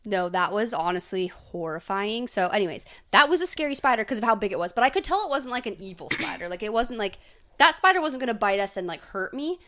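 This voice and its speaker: A woman's voice: mid-range voice, lively intonation, quick pace, a bit bright. Young woman rambling through a casual story. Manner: rambling, filler-heavy storytelling with frequent "like". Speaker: podcast co-host. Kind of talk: casual chat.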